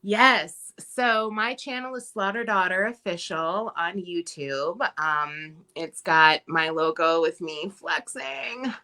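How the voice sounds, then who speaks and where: Minnesota lady guest, middle-aged, bright voice, lively chatty storytelling. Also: fairly low pitch, takes it slowly, few pauses. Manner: animated storyteller who laughs often and acts out quotes. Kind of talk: casual chat.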